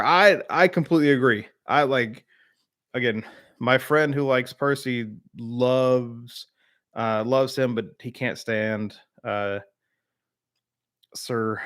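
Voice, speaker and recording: Man from the U.S. South, casual stream host, chatty and rambling, mid pitch. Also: slow pace, fairly bright tone. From Southern United States. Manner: rambling, filler-heavy, replies to chat by name. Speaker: streamer hosting a live chat. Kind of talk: casual live-stream chat.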